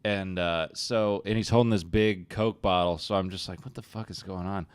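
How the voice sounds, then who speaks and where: A man's voice: sits low, steady tone, moderate pace, smooth, no room sound. A young man hosting a podcast, telling a profane, self-mocking story in casual chat. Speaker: podcast host.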